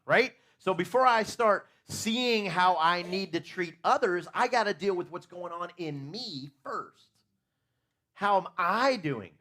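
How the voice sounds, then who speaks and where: A man's voice: on the high side, bright, forceful tone. A man preaching a conversational sermon in a church, asking his listeners questions and talking openly about his own faults.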